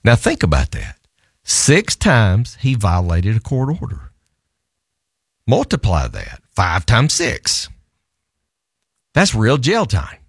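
A middle-aged man, a divorce lawyer, telling an animated anecdote in conversation, often laughing and repeating words. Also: on the low side, takes it slowly, pauses often, breathy edge, no room sound, studio quality. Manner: lively storyteller, laughs often, repeats himself.

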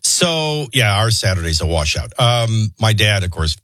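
A man's voice: lowish voice, big pitch swings, a little slow, bright, forceful tone, dry recording. A man hosting a morning talk radio show, brash and joking.

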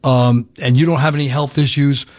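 A man, a financial advisor on a radio money show, explaining steadily and reading out a phone number slowly. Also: medium pitch, fairly even intonation, a little mellow.

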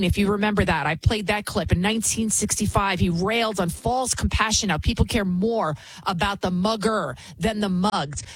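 A woman's voice: mid-range voice, slightly rough, no room sound, low-quality recording. A woman hosting a political commentary show, talking in an indignant, scornful way with many restarts. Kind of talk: opinionated commentary monologue.

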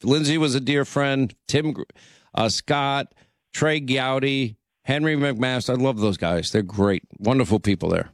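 A man hosting a national radio call-in show, talking briskly with frequent stammered restarts and friendly banter. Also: mid-range voice, dry recording, studio quality. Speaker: radio talk show host.

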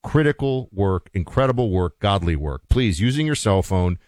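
A man with a low voice co-hosts a talk radio show, recorded dry and close on a studio microphone. He chats easily and reads sponsor copy at a steady, emphatic pace. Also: normal speed, hardly any pauses, dry recording. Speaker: radio co-host. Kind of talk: talk radio chat and live ad read.

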